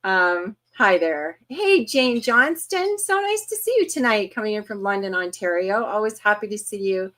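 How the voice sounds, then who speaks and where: A woman in her fifties hosting a casual livestream, chatty and quick to laugh as she greets viewers one by one. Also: medium pitch, animated, a bit bright. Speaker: host.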